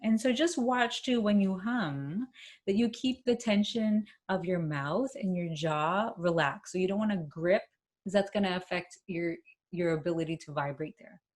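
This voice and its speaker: A woman presenting a workshop, demonstrating a vocal warm-up with hums and chants and encouraging her listeners. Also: on the low side, normal speed. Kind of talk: instructional workshop talk. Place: home, speaking to camera.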